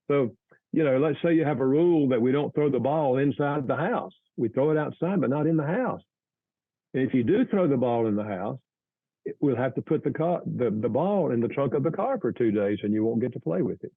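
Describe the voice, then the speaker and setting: A male author giving earnest, measured advice as an interview guest, often restarting his sentences. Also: mid-range voice, breathy edge, dry recording. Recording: tinny phone-like line, dry.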